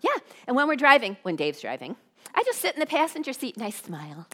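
A woman in her forties giving a sermon to a live audience, bubbly and animated, dropping to hushed tones. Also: fairly high pitch, fast. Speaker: women's ministry speaker.

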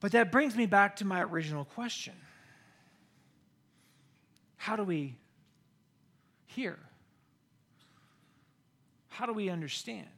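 Middle-aged american pastor preaching, kinda gravelly, gets all excited telling stories. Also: male voice, on the high side, a little slow, long pauses. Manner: animated storytelling, rising to excited bursts. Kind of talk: sermon with personal story.

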